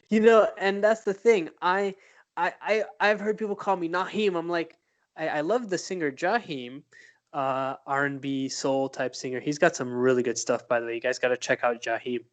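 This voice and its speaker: Halting, thoughtful man, slightly high voice. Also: fairly even intonation. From United States. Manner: thoughtful, halting with many fillers and restarts. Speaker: podcast co-host. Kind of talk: casual chat.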